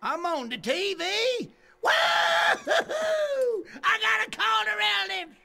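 An actor playing a folksy, cheerful old tow truck with a gravelly drawl in a game cutscene. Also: male voice, high voice, slow, no room sound, exaggerated voice. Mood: excited. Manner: excitable, whooping.

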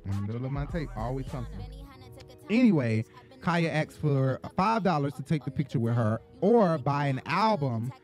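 A man from Atlanta, hosting an entertainment gossip show in a chatty, profane, animated storytelling manner. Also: mid-range voice, moderate pace, soft background music. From Atlanta, Georgia. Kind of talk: casual gossip commentary.

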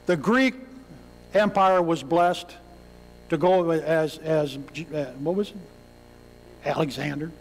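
High-voiced preacher man in a reverberant church. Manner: dramatic storytelling preacher who acts out cries. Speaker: pastor. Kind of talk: sermon. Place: church sanctuary. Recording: long hall reverb.

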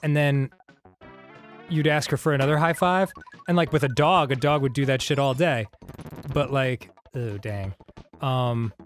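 A man's voice: mid-range voice, a little slow, pauses often, faint music behind. A man co-hosting a casual let's-play, telling a rambling story full of "like" and swearing. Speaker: co-host.

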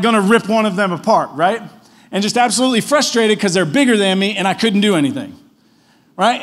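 High-voiced casual pastor preaching. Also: male voice. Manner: casual storytelling, frequent tag questions. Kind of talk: conversational sermon. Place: church.

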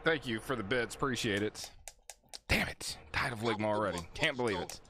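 A man streaming a video game, swearing and yelling at what happens on screen. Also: fairly low pitch, a little fast. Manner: profane, excitable, yells at the game. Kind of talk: live game streaming commentary. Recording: noisy with game sounds behind. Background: game sounds and vehicles.

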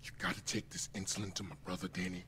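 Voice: low voice, level tone, quick pace, bright, forceful tone, slight background noise. An actor voicing a frightened game character urgently begging for medicine to be delivered to a brother. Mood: pleading. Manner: urgent pleading.

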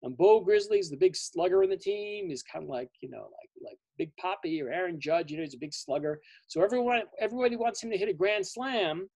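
A man, a children's author, telling his story to families at a library, lively and explaining terms simply. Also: high-pitched, quick pace, hardly any pauses, no room sound. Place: library event.

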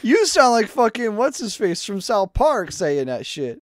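A man's voice: high-pitched, very animated, no room sound, studio quality. A man in game voice chat, nitpicking and teasing his friends. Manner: nitpicking, quick to tease. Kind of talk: casual voice chat while gaming. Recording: loud hiss on a voice-chat mic.

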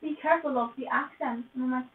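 High-voiced woman, far off in an echoey room. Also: fairly even intonation, fast talker. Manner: chatty, complaining aside. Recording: distant, echoey, tinny and noisy.

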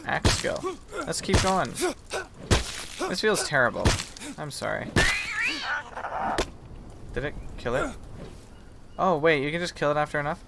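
A man's voice: a little high, vocal fry, heavy background noise. A young man giving casual, self-mocking commentary as he plays a survival game. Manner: chatty, self-mocking, mock apologetic to game animals. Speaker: gaming video host.

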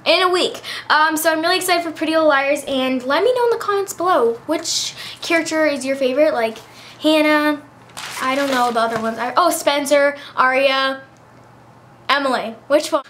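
A woman's voice: high voice, normal speed, fairly bright tone, a little hiss or hum. A teenage girl chatting in a bubbly way about her favorite beauty products, full of fillers. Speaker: beauty vlogger. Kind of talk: casual chat.

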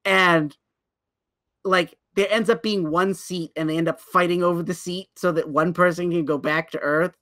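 A man's voice: high voice, normal speed. A man co-hosting a casual podcast, stumbling over himself as he eagerly recounts a show. His delivery jumps ahead and doubles back mid-sentence. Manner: animated storyteller, many restarts. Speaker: podcast co-host. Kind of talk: casual chat.

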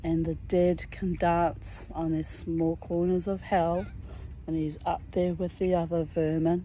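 A woman with a New Zealand accent, telling a story in a slow, intense casual monologue with dark humor. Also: on the low side, slight background noise, poor audio.

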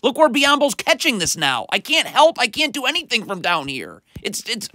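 A man's voice: very high voice, sing-song, normal speed, sharp tone. A man breaking down basketball game film as a commentator, exasperated and critical, explaining defense like a coach.

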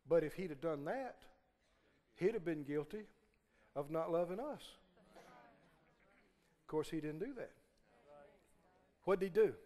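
Male preacher, high and swooping voice, sermon with call-and-response, long church reverb. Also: expressive, a little slow, long pauses, warm tone. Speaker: pastor. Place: church sanctuary.

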